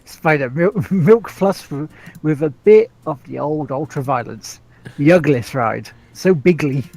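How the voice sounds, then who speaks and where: A man's voice: on the high side, animated, measured pace, creaky, darkish tone, dry recording, faint music behind. A man co-hosting a podcast, quipping and laughing while playing a board game. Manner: quips and quoted lines, laughing. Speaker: podcast co-host. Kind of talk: casual chat over a board game.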